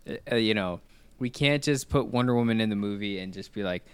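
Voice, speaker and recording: A man's voice: fairly low pitch, a little fast, clean tone, dry recording. A young man co-hosting a film podcast, chatting casually and rambling with frequent self-corrections. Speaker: podcast co-host. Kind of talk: casual chat.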